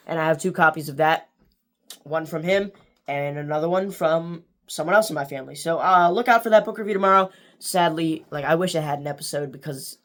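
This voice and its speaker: A man with a monotone voice signing off a casual book review video, rambling with many fillers and restarts. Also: a little high.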